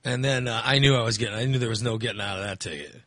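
A man's voice: mid-range voice, very fast, fairly bright tone, dry recording. A man casually telling a long story in a chat, acting out the voices of people he met and swearing freely.

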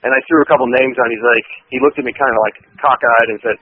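A man's voice: medium pitch, fairly even intonation, fast, breathy edge, phone-quality sound. A man co-hosting a casual radio chat, talking in a rambling, hesitant way with many fillers.

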